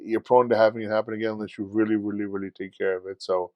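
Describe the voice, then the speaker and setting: A man co-hosting a podcast in casual chat, telling stories in a profane, animated way and acting out his own shouting. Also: lowish voice, racing, dry recording, muffled recording. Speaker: podcast co-host.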